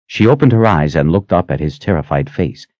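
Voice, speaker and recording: Deep-voiced man reading a fantasy novel. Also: brisk, no room sound. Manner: expressive, dramatic reading. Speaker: audiobook narrator. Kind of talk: scripted fantasy narration. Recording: dry, slightly muffled audio.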